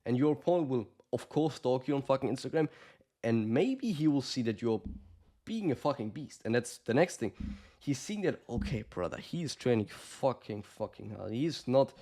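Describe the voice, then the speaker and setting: A man's voice: medium pitch, expressive, moderate pace, mellow. A man giving casual, blunt coaching advice to the camera, swearing often and calling the listener brother. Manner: acts out quoted lines of fighters. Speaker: combat sports coach.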